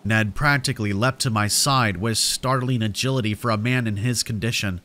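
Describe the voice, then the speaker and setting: A man reading a horror story aloud in a steady, measured narration meant for sleep. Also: fairly low pitch. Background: rain.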